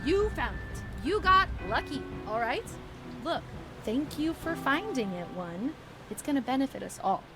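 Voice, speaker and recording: A woman's voice: sits high, very animated, normal speed. A woman voicing a selfish cartoon object who talks in a coaxing, dismissive way. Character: smooth-talking, selfish cartoon object leader. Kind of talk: cartoon voice acting. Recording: cartoon clip over music.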